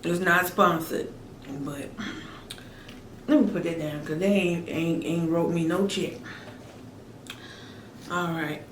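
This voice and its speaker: Speaking slowly in a fairly low, fairly even voice with many pauses, this woman hosts a mukbang vlog, teasing and chatting playfully between bites. She savors the food audibly, humming and making plenty of "mm" noises as she chews. Recorded off-mic, the audio sounds roomy, with faint ambience and a little hiss or hum.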